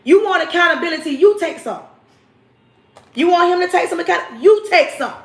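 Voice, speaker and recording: A woman's voice: extremely high pitch, animated, moderate pace. Emphatic woman preaching advice. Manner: preachy, emphatic, scolding, often shouting. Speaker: livestream host. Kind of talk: relationship advice livestream. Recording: roomy echo.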